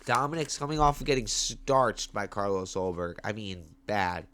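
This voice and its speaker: A man's voice: fairly low pitch, moderate pace, smooth. A man hosting his own MMA picks show, talking in a casual, slangy way and getting hyped on camera. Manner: animated, slangy, hyped with big swings in loudness. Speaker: MMA betting picks host. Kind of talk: casual fight-pick commentary. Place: at home on camera. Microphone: webcam or phone on camera.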